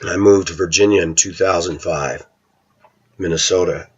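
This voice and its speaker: A man's voice: deep voice, steady tone, normal speed, slightly rough. A middle-aged man talking to his viewers in a rambling, opinionated monologue. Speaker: vlogger. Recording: dull lo-fi recording.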